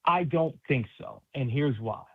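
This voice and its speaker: A man's voice: mid-range voice, expressive, a little slow, breathy edge. A man from New York City, a basketball analyst guest, chatting casually and animatedly on sports radio with street slang, over a tinny phone line.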